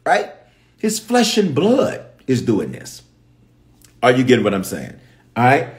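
Man, bishop, Memphis accent, livestream sermon, swooping lively pitch, animated storyteller. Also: measured pace. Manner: animated storytelling, acting out characters. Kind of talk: livestreamed Bible teaching.

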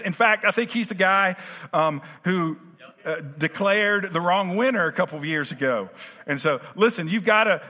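A pastor preaching a conversational sermon, full of fillers and restarts, that builds to emphatic preaching. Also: male voice, fairly high pitch, pushed and bright. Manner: rising to emphatic preaching cadence. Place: church sanctuary. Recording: reverberant church sanctuary.

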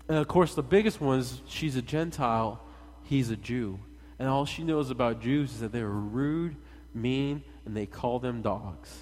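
A man preaching a sermon in a lively, conversational way, talking straight to his congregation. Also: mid-range voice, moderate pace. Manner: animated, conversational, addresses the congregation directly. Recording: long hall reverb.

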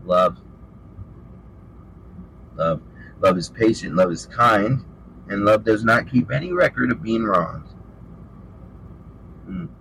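A man's voice: fairly low pitch, lively intonation, slow, gravelly, pauses often, fairly bright tone, a little hiss or hum, poor audio. Fervent man preaching an informal sermon. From western United States. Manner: fervent, calling listeners out with rhetorical questions.

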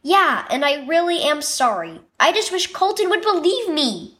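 A woman voicing an older brother in a children's story, speaking quickly and earnestly. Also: high-pitched, very animated, a bit bright, voice pushed up. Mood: apologetic. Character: older brother, a boy babysitting.

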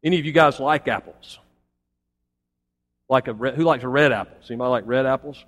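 Speaking fairly quickly in a mid-range, slightly bright voice, a man delivers a Sunday sermon from the pulpit. Between folksy remarks to the congregation he drives toward emphatic points, all carried on the long reverb of a church sanctuary.

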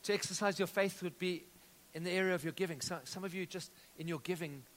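Pastor guy preaching in a big church, lively, echo hanging in the hall. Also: high-pitched, fast. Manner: energetic preaching with audience call-outs and storytelling. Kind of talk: sermon. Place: church auditorium. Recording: long reverb of a church hall.

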